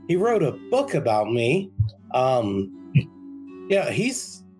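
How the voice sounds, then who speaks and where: A man's voice: mid-range voice, big pitch swings, slow, a little mellow, soft background music, rough recording. A man voicing a tall, blunt male tavern patron in a tabletop game, talking in an offhand way.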